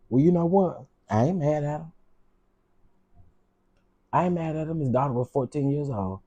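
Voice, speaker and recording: A man's voice: on the high side, normal speed, pauses often, mellow, highs cut off. A man hosting his own channel, telling personal stories with frank, heated, preacher-like repetition. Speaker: channel host. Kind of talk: emotional storytime commentary.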